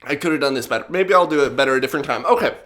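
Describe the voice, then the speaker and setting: A man's voice: medium pitch, expressive, very fast, a bit bright. A man vlogging in a casual, rambling storytelling way, self-mocking and full of fillers.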